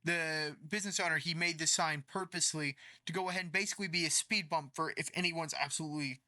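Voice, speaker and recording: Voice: medium pitch, fairly even intonation, fast, pushed and bright, no echo. A storytime narrator casually retelling a story in a rambling way with many fillers.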